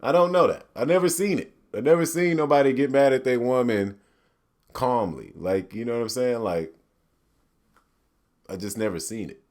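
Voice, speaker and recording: A man hosting a podcast, ranting casually in a profane, animated way and slipping into mock quotes. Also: medium pitch, moderate pace, long pauses. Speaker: podcast host. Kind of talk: solo ranting commentary.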